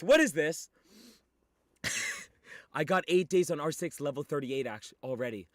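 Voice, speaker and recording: A young man livestreaming, chatting casually with viewers in an excitable, teasing way with sudden shouts. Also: a little high, a little slow, long pauses, dry recording, studio quality.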